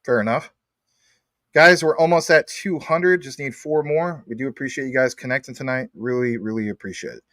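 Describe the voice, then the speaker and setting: A man's voice: mid-range voice, a little fast, fairly bright tone, no room sound, studio quality. A man hosting a casual livestream, upbeat as he reads viewer comments aloud. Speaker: livestream host.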